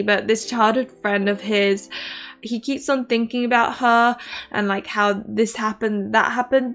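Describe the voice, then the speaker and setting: Chatty woman rambling through a book review. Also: fairly high pitch. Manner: rambling, filler-heavy, animated retelling.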